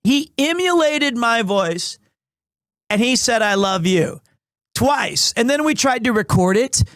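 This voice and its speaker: Rambling streamer dad, dry close mic. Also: male voice, very high-pitched, a little slow, no echo. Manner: rambling, animated storytelling with restarts. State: recovering from asthma, clearing throat. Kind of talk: casual live-stream chat. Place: small home room.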